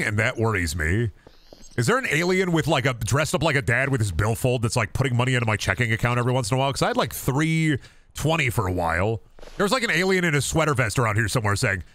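A man's voice: mid-range voice, big pitch swings, fast, a bit bright. A man streaming a game, rambling and joking with heavy swearing. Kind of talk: casual stream commentary.

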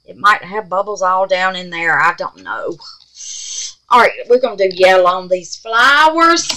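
A woman's voice: medium pitch, pushed and bright, rough recording. A woman hosting a casual crafting vlog, gasping and exclaiming as she works and muttering to herself. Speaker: craft channel host.

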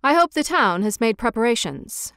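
A woman's voice: fairly high pitch, sing-song, moderate pace, fairly bright tone, smooth, no room sound, clean studio sound. A woman voicing a vain, fussy little male swallow who chatters and gets straight to the point.

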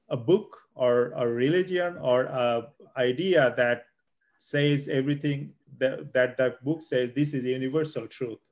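A man hosting an interview, asking audience questions with frequent hesitations and restarts. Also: medium pitch. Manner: hesitant, many fillers and restarts. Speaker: host interviewer.

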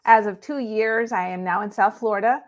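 A woman's voice: medium pitch, moderate pace, highs cut off. Upbeat chatty woman guest. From Los Angeles, California. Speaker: guest, real estate agent. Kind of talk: casual interview.

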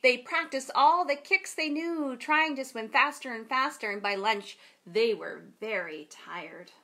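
A woman pastor reading a children's story in a worship service, with a gentle storybook delivery. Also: fairly high pitch, a little slow.

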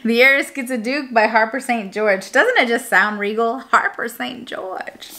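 A young woman vlogging in a casual, rambling chat, full of fillers and quick self-corrections. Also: on the high side, lively intonation, bright, forceful tone.

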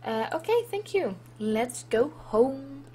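A woman with a Dutch accent gives relaxed, unhurried commentary over a life-sim game. She chats playfully and reads the game's prompts aloud, with a faint hum in the background. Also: sits high. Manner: chatty and playful, reads on-screen text aloud. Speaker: let's play host. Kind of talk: casual gameplay commentary.

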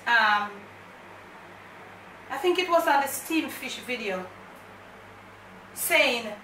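Jamaican woman cooking host: bright, fairly high voice, chatty and direct, patois mixed in; recorded from across a kitchen. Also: reverberant, distant mic, a little hiss or hum, rough recording. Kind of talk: casual cooking vlog. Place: home kitchen.

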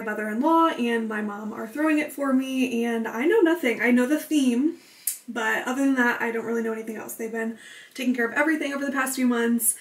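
A young woman chatting to the camera in a casual home vlog, a little out of breath, bubbly and full of fillers. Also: fairly high pitch. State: out of breath from pregnancy. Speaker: vlogger. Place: home, indoors. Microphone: camera mic. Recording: echoey room.

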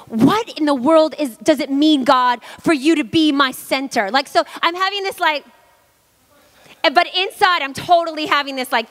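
A woman pastor in her thirties from Hawaii, preaching a sermon in a lively, chatty way and joking with the congregation. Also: high-pitched. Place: church hall. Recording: long church-hall reverb.

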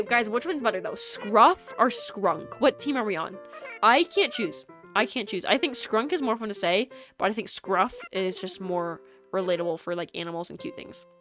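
A young woman rambles through casual stream chat in a medium voice, giggling often and filling gaps with "like" as she plays. She talks into a USB microphone at home, with soft lofi music underneath. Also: medium pitch. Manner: chatty and giggly, lots of "like" fillers. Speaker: game streamer.

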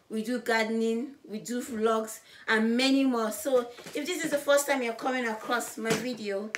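A woman vlogging to camera, loud and bubbly, with a voice she calls high and loud. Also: slight background noise. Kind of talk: casual vlog to camera.

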